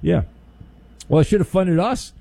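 High, lively, mellow-voiced radio host. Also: male voice, normal speed, gravelly, dry recording. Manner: playful, joking, exaggerated indignation. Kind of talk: call-in radio talk.

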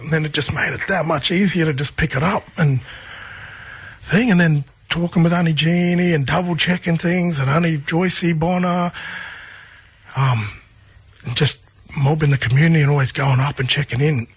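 An Australian musician, appearing as a guest, tells stories in a relaxed, conversational way, often restarting and repeating phrases. His voice is a little high and husky, at normal speed.

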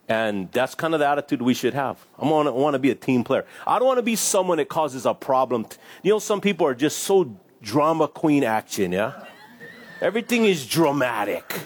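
A man preaching in a relaxed, chatty way. He reads scripture aloud and slips into playful little voices, laughing along. His voice sits at an ordinary middle pitch. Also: fairly quick. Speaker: pastor. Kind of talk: casual sermon with scripture reading.

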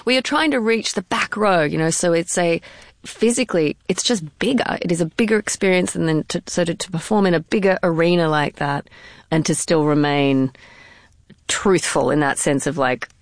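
A middle-aged woman actor in a conversational interview, talking in an animated way, laughing often and restarting her phrases. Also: fairly low pitch, normal speed, no echo, studio quality. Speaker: stage and film actor, interview guest.

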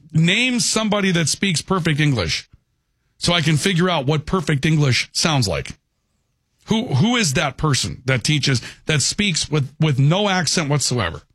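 A man's voice: fairly high pitch, a bit bright, no room sound, studio quality. A man hosting a call-in radio talk show, talking conversationally and peppering his points with "okay".

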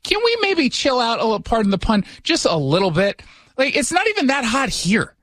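A man's voice: extremely high pitch, wildly swooping pitch, a little fast, fairly bright tone, no room sound. A man hosting a radio talk show from his studio, talking casually with sarcastic, joking asides.

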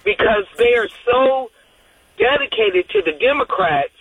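A woman's voice: high-pitched, huge pitch swings, unhurried, creaky, husky, no echo. A woman calling in to a radio show, talking in a rambling, earnest way with frequent restarts. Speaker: caller. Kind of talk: phone-in call. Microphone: telephone. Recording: tinny phone line.

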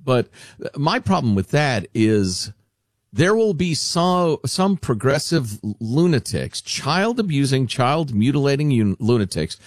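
A man hosting a radio talk show, sardonic and animated, fond of deadpan mockery. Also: mid-range voice, a little slow, no echo, clean studio sound.

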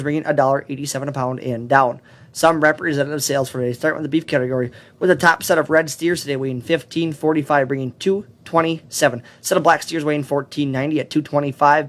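Male market reporter, rapid-fire, slightly higher pitch. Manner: rapid, steady listing of prices.

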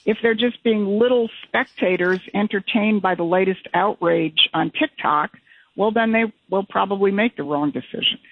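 A man's voice: high voice, moderate pace, dry recording. A man from Michigan, a political guest in an interview, speaking emphatically and often restarting his phrases. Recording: tinny phone-like line.

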